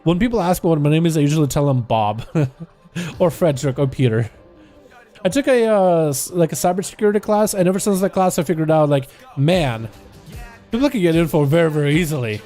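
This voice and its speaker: A man's voice: on the high side, expressive, fairly quick, warm tone. A young man of Russian first language, streaming a game and chatting loosely with viewers in rambling slang. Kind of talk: casual livestream chat with viewers. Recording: faint music behind.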